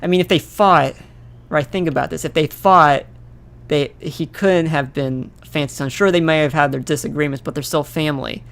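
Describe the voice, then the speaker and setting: A man's voice: on the high side, steady tone, normal speed, creaky, fairly bright tone. A man co-hosting a podcast over a call, bantering in a stammering, sardonic way, with faint music underneath. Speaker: podcast co-host.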